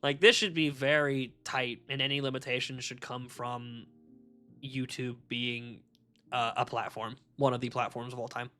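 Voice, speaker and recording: A man live-streaming from a warm room at home, rambling and swearing casually and laughing at his own jokes. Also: mid-range voice, flat delivery, normal speed, faint music behind. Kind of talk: casual live-stream chat while shiny hunting.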